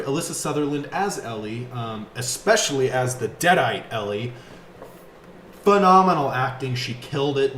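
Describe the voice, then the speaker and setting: A man giving a casual, enthusiastic video review of a film, talking like an excited fan. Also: mid-range voice, echoey room, slight background noise. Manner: enthusiastic, animated fan talk with fillers.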